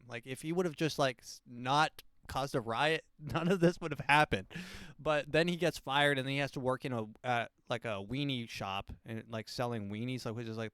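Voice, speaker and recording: Man with a smooth, dry voice. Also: mid-range voice, dry recording. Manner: rambling, animated, acts out quotes in silly voices. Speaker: podcast host. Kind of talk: casual book review monologue.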